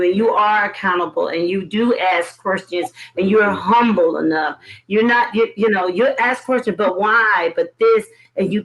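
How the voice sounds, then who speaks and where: A woman's voice: mid-range voice, a bit bright, low-quality recording. A woman interviewing a member of her ministry, affirming and praising her, with hesitant fillers. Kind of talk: warm praising interview talk.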